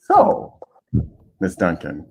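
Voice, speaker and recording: Male host, low voice, calm probing interviewer. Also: slight background noise. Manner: measured, probing questions. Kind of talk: interview questions.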